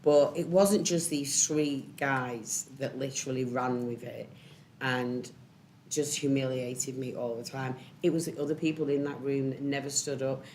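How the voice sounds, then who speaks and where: A woman on a panel, telling a personal story candidly and emotionally, with many pauses and ums. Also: a bass voice, a little mellow, a little hiss or hum. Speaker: panel speaker.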